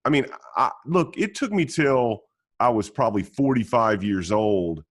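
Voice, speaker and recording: A man's voice: mid-range voice, lively intonation, measured pace. An older man, an attorney co-hosting a podcast, telling rambling stories bluntly and laughing often in casual conversation.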